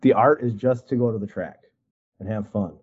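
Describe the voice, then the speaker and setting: A man's voice: lowish voice, moderate pace, darkish tone, slightly rough, lo-fi sound. A man from Wisconsin telling a casual story on a video call, rambling with lots of likes and you-knows and acting out quotes. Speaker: guest artist.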